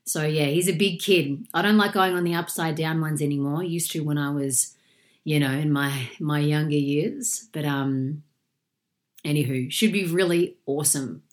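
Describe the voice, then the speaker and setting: A woman's voice: sits low, moderate pace. An Australian woman in her forties, sick with a chesty cough, hosting her podcast in a chatty, upbeat way with plenty of fillers. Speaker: podcast host and coach. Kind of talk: casual solo podcast chat.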